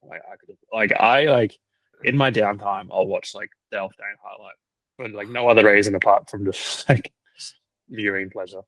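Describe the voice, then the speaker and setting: A young man talks in a casual podcast chat, spinning a story with plenty of "like" fillers and easy laughter. His voice sits fairly low, and the recording is close and dry. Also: fairly even intonation, moderate pace, a bit bright, no room sound, rough recording. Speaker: cricket team videographer.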